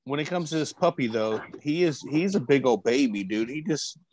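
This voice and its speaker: A man's voice: mid-range voice, lively intonation, moderate pace, a little mellow. A slightly tipsy man chatting casually, rambling and restarting his sentences. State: a little tipsy. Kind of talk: casual chat.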